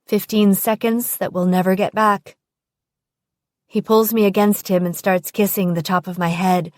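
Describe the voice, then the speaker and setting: A woman's voice: mid-range voice, flat delivery, moderate pace, a little mellow, no room sound, clean studio sound. A woman narrating a first-person audiobook in an intimate, present-tense storytelling manner.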